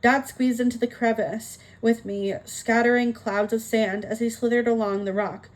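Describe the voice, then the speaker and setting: A woman reading a children's novel aloud, narrating in a steady, expressive way. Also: a little high, normal speed, rough recording. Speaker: reader. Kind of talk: audiobook narration.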